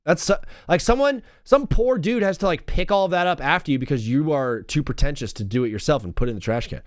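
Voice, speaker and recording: A young man hosting a live radio talk show, his pitch leaping up and down as he rants. He sounds excitable and self-mocking and hops from topic to topic. The sound is close and dry, with no room echo. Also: fast talker.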